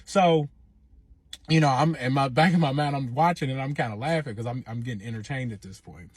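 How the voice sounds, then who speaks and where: A young man, a reality TV personality, telling a profane, animated story in casual storytime style, often saying 'you know what I'm saying'. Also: medium pitch, brisk, slightly rough, dry recording.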